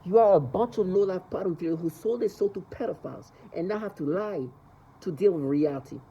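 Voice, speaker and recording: Man, agitated monologue, repetitive, stumbling, fairly high pitch, dark soft timbre. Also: fairly quick, slightly rough, low-quality recording. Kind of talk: rambling monologue to camera.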